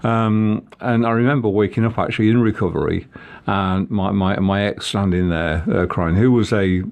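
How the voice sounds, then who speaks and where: A man's voice: fairly low pitch, fairly even intonation, creaky, darkish tone. A man telling a personal story in casual conversation, with frequent halts and restarts. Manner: halting, many restarts. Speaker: guest.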